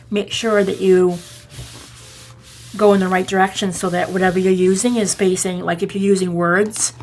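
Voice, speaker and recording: Boston-accented woman, craft-tutorial host, a bit of gravel in her voice, rambles and self-corrects as she works. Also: mid-range voice, a little hiss or hum. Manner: chatty, rambling, self-correcting, often checking the viewer follows. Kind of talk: casual step-by-step crafting tutorial.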